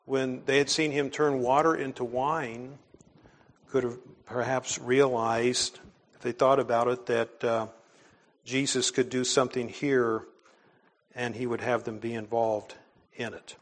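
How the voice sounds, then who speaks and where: Male pastor, mid-pitched voice, earnest, conversational sermon delivery with quiet trailing phrase ends. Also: little pitch movement, measured pace. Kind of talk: conversational sermon with scripture reading.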